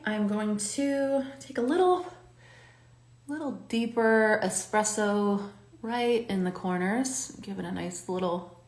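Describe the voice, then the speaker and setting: Woman host, encouraging makeup-tutorial chatter, middle pitch, roomy echo on the recording. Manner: chatty and encouraging, coaching the viewer. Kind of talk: talking while doing her makeup on camera.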